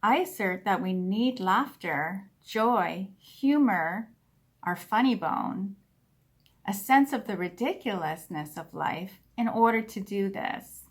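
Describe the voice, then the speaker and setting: A woman speaking at a spiritual service, earnest and unhurried, leading the congregation in a laughter meditation. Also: mid-range voice, lively intonation. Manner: slow and earnest, bursting into loud whoops and laughter. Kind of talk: sermon with guided laughter meditation. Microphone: online service recording.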